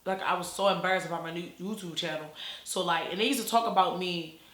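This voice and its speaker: Young baltimore girl doing a storytime vlog, rambly, lots of "like", bright voice. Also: on the low side, fast, echoey room. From Baltimore, USA. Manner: animated, rambling, lots of "like" and slang. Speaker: YouTuber.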